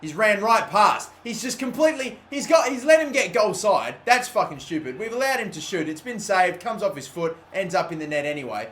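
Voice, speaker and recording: A young man giving live commentary over a football video game, excitable and swearing loudly at the game. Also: high-pitched, fairly quick, hardly any pauses. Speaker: gaming YouTuber.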